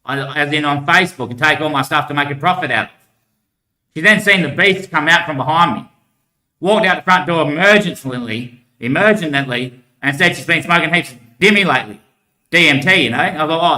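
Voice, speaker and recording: A man's voice: on the high side, moderate pace, pushed and bright. A man talking in a long rambling monologue, laughing between thoughts. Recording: echoey room.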